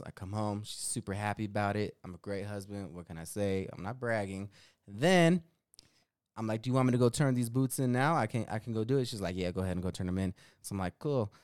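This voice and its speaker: A man's voice: on the low side, clear, resonant tone, dry recording, clean studio sound. A man co-hosting a podcast, telling a story in casual chat, swearing and laughing as he goes. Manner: animated, swearing, laughing at his own story. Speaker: podcast co-host.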